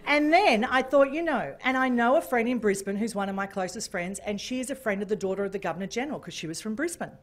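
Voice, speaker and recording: A woman giving a keynote talk, telling a story with lively, animated delivery and acting out phone calls. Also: on the high side, quick pace, hardly any pauses. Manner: animated, acts out phone calls in different voices. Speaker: keynote speaker. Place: function room.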